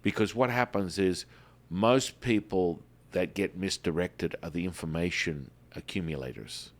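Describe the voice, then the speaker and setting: A man hosting a spiritual podcast in a casual, animated way, often calling listeners "baby.". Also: low-pitched, measured pace. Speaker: podcast host.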